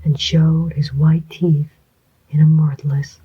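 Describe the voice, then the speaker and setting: An audiobook narrator reading a thriller aloud in a slow, even, hushed whispered role-play. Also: mid-range voice, breathy edge. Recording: dull lo-fi recording.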